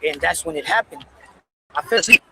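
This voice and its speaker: A man casually telling a personal story in a candid, profane, animated way. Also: on the high side, a little fast, husky, no echo, poor audio.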